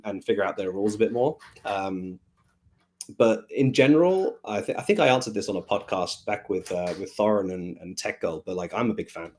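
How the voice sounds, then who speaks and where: Man with a very low voice, unhurried, thinking aloud, conversational Q&A. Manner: rambling, thinking aloud with many fillers. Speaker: team manager answering fan questions. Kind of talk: casual Q&A chat.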